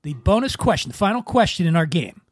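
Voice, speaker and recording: A man's voice: high voice, big pitch swings, fast talker, no echo, clean studio sound. A man hosting a casual drinking-game quiz, playful and teasing as he reads questions. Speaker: host.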